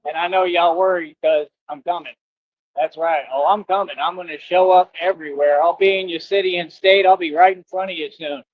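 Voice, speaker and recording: Male streamer, high-pitched swagger, casual slang-heavy monologue, muffled lo-fi audio. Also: brisk. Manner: boastful, swaggering street slang.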